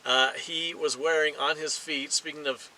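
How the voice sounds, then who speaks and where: A middle-aged man preaching a sermon, emphatic and deliberate, slowing down to stress key phrases. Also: fairly high pitch, fairly even intonation, bright, forceful tone, a little hiss or hum, poor audio. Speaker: pastor.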